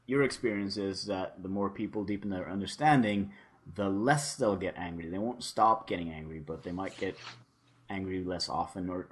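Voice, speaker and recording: Low-voiced man asking interview questions. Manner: curious, asks follow-up questions. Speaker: interview host. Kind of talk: interview conversation.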